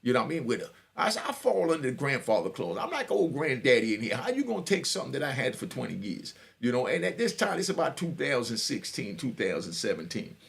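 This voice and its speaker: A man's voice: medium pitch, fast, creaky, few pauses. A middle-aged man, telling a prison story in a swaggering, laughing way. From New York. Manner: animated, swaggering, laughs often, fills with "you know what I mean". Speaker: storyteller sharing prison stories. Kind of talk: casual storytelling.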